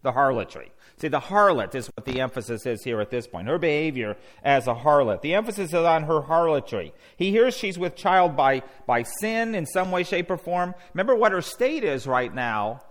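A man leads a Bible study class in an animated, conversational way, frequently posing questions to the group and restarting his sentences. His voice sits on the high side, at normal speed with few pauses.

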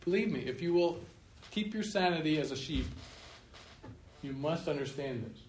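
A male pastor giving a sermon emphatically, slowing down to stress key points and chuckling at his own remarks. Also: high voice, darkish tone. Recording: roomy room echo, faint noise.

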